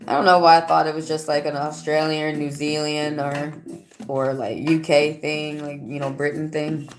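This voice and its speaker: Low-voiced woman doing tarot readings. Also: steady tone, normal speed. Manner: chatty, answers viewer comments aloud; loose and rambling, with fillers and restarts. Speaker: tarot reader. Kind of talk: live-stream tarot reading. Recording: music playing behind the voice.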